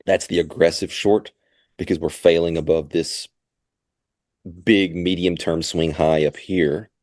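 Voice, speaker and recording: A man co-hosting a live trading show, giving steady market commentary. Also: low-pitched, a little slow, dry recording, studio quality.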